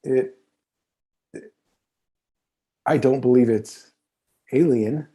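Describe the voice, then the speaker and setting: Slow-talking guy in his fifties, really deep mellow voice, rambly and swears a lot. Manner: rambling, profane, many fillers and restarts. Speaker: podcast guest. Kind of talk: casual conversational storytelling.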